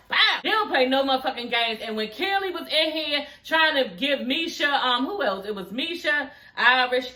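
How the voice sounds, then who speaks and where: A woman's voice: high voice, bright, forceful tone. A woman recapping a reality show for her viewers in a sassy, profane, chatty way. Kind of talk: casual recap chat.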